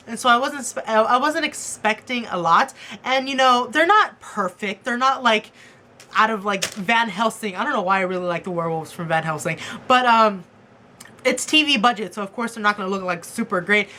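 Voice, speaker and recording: Bright, excitable young woman reviewing TV. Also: on the high side. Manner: excitable, gushing, many fillers like "um" and "like". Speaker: TV episode reviewer. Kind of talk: casual chatty TV review.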